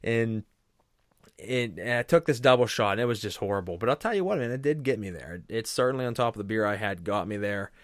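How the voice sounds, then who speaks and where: A man's voice: fairly low pitch, animated, fast, no echo, studio quality. A young man hosting a podcast, telling a rambling story with profanity and lots of restarts. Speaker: podcast host. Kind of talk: casual storytelling chat.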